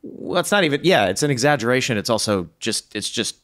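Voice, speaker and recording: A man's voice: medium pitch, sing-song, quick pace, a bit bright. A man from the American South, co-hosting a podcast in casual, emphatic chat. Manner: emphatic, talks through points with many fillers. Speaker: podcast co-host.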